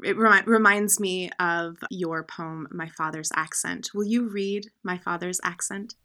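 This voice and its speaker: A female host of a book show interviewing a poet, asking measured, considered questions. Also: fairly low pitch, sharp tone.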